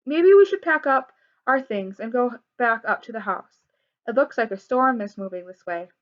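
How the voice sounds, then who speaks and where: Woman lowering her voice for a calm, steady father. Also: moderate pace, natural voice. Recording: dull lo-fi recording.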